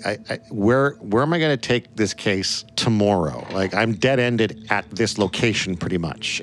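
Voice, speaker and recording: A man playing a tabletop game, talking casually and thinking aloud. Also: lowish voice. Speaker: player.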